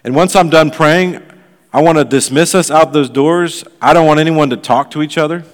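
A pastor giving a sermon, telling a story in a loose, conversational way full of fillers. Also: male voice, a little high, moderate pace, big-room sound.

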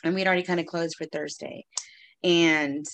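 A woman from Texas, co-hosting a podcast in casual chat, rambling through stories and clearing her allergy-irritated throat often. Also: lowish voice, steady tone, normal speed, fairly bright tone, no room sound. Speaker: podcast co-host.

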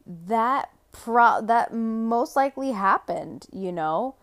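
A woman's voice: fairly high pitch, expressive, slow pace. A young woman hosting a podcast, talking through a casual monologue that rambles, with many fillers and restarts and some casual swearing. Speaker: podcast host.

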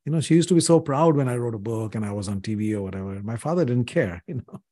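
A man's voice: medium pitch, lively intonation, quick pace, mellow, no room sound, studio quality. A man in his sixties from India, a podcast guest telling personal stories in an earnest, reflective way, often saying "you know". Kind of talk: reflective interview conversation.

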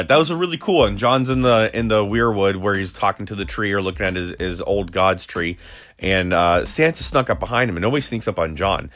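A man casually recapping a TV episode, rambling with frequent restarts and quick quoted lines. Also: fairly low pitch, a bit bright. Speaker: video creator recapping a TV episode.

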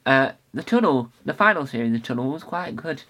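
A young male podcast host talking on his own in an easy, unscripted way. He rambles eagerly, stumbling over restarts and filler words, with a voice of ordinary middle pitch. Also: animated, a little fast, pushed and bright. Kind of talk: casual solo podcast talk.

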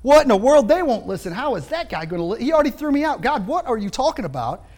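A man's voice: very high-pitched, very animated, fast, darkish tone. A man acting out Moses as a baffled, protesting man asking exasperated questions, inside a sermon.

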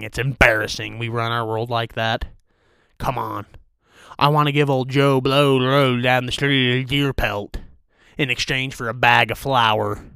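A young man rants through a comedy segment in a crude, profane, deadpan way. His voice is smooth and clear, and it sits dry and close with no room sound. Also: medium pitch, no room sound. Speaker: host of a rant show. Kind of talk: comedic rant.

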